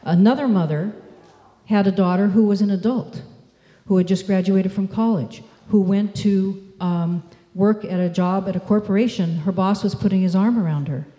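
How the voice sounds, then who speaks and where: A woman's voice: mid-range voice, dark tone. Woman speaking in an echoey hall. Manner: measured, demonstrative storytelling. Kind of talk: conference talk.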